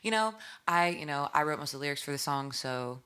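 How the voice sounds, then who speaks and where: A young woman, a musician guest on a podcast interview, telling animated stories and acting out quotes. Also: sits low, a little fast, clear, resonant tone. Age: young adult. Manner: animated storytelling, acts out quotes.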